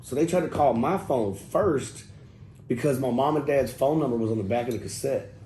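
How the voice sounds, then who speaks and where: A man tells his stories in a casual, profane and lively way, often slipping into the voices of the people he quotes. His voice is dark and mellow at an ordinary pitch. The room is echoey, with a faint hiss underneath. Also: normal speed. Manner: profane, animated, acts out quotes. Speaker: interview guest. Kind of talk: casual storytelling.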